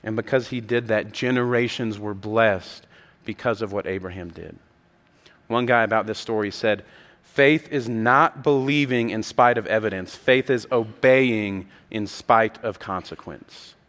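A man's voice: on the low side, measured pace, fairly bright tone. A man preaching a sermon with passion, acting out the voices of the people in the story. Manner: impassioned, acts out the voices of the story. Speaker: pastor. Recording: long hall reverb.

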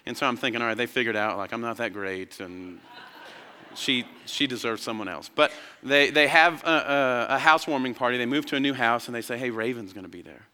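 A man in his thirties preaching a sermon, telling a personal story, swinging from excited emphasis down to quiet, hushed lines. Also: mid-range voice, brisk, long reverb tail, slight background noise. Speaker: pastor.

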